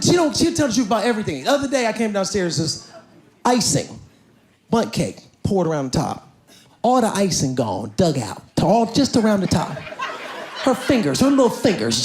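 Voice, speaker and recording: A man performing stand-up comedy on stage, telling family stories and acting out each person in quick dialogue. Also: high-pitched. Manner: animated, acts out family members in quick dialogue. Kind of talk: stand-up storytelling. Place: comedy stage before a live audience. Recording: echoey room with audience laughter and noise.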